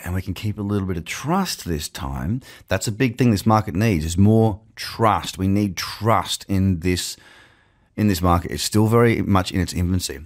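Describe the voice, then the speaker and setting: A man hosting a crypto show, talking casually and chattily to camera from his office, with jokey asides. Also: fairly low pitch. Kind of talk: casual market commentary to camera. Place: home office with screens. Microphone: webcam setup.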